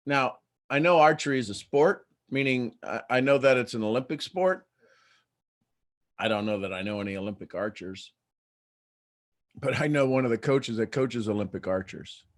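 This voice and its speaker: A man hosting a casual morning livestream, talking in an animated way and laughing often. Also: medium pitch, normal speed, long pauses. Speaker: host.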